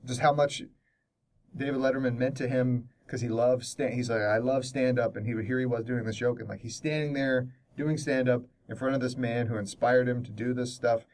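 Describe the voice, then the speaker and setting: A man co-hosting a podcast in casual chat, rambling with halting restarts. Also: mid-range voice, steady tone, a little mellow, far from the mic. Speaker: podcast co-host.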